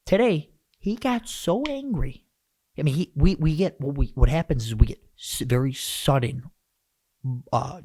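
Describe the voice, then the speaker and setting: A man hosting a podcast, rambling and animated as he rants, with lots of restarts. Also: medium pitch, vocal fry, dry recording, studio quality. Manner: animated, rambling, self-interrupting. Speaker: podcast host. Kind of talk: casual podcast rant.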